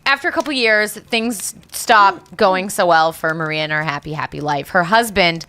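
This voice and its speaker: A woman co-hosting a podcast, telling a ghost legend in casual chat with lively, profane asides. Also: lowish voice, normal speed. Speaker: podcast co-host, storyteller.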